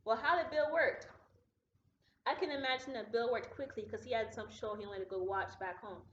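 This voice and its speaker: A woman teacher giving a recorded grammar lesson to students at home, patient and deliberate, slowing down to model example sentences. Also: on the high side. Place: classroom. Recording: echoey room, dull lo-fi sound.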